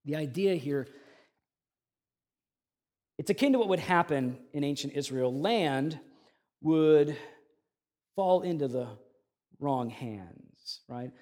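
A man preaching a sermon, his voice swelling loud on key phrases and dropping soft between them. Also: fairly high pitch, animated, takes it slowly, long pauses. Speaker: pastor.

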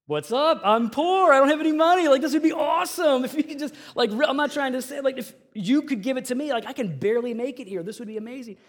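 A man voicing a broke, eager young male Bible college student who pleads excitedly and stammers. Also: extremely high pitch, fast talker, few pauses, pitched above the performer's own voice. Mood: excited pleading.

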